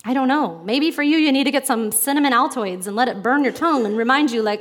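Animated woman pastor preaching. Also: high-pitched, brisk, few pauses. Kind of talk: sermon.

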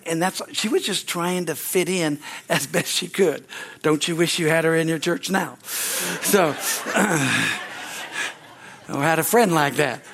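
A male pastor preaching a sermon at a church service, exuberant and calling out hallelujahs. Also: on the high side.

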